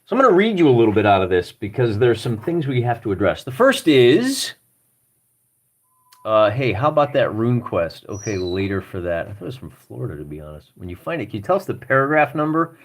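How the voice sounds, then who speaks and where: Rambling Midwestern man with a lively voice. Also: lowish voice. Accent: Midwestern American. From Michigan. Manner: rambling, self-deprecating, thinks aloud while searching pages. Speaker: livestream host. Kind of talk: live-streamed rulebook walkthrough.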